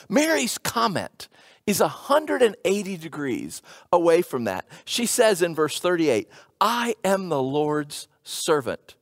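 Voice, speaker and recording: A male preacher delivers a sermon with a very animated, swooping voice. He retells a scripture story casually and acts out quoted lines. The sound is close and dry. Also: sits high, no room sound. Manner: lively storytelling with acted-out quotes and colloquial paraphrase. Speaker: pastor.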